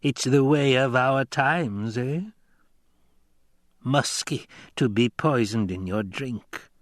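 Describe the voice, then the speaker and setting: A menacing old crone, as a male narrator puts her on, speaking slowly and sternly, every word an order. Her voice sits at a middling pitch and takes its time. The recording is dry and close, with no room sound. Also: no echo, lightly acted. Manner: slow, stern, commanding.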